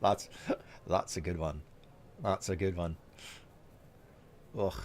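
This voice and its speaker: A man's voice: low voice, fairly even intonation, slow, pauses often, a little hiss or hum. A man with a Scottish accent, chatting as a streamer, reading and answering viewer messages with hesitant fillers. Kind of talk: live stream chat while gaming.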